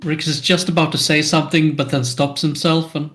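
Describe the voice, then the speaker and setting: A man, a player in a tabletop game, casually narrating his character and pausing often with fillers. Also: fairly high pitch, level tone, fairly bright tone. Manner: hesitant, with frequent fillers.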